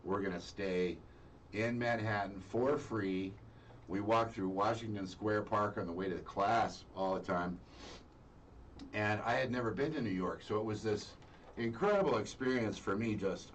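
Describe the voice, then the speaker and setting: A man's voice: lowish voice, moderate pace. A middle-aged man telling a story in casual chat on a radio show, acting out the voices of the people in it. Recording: distant mic with faint noise.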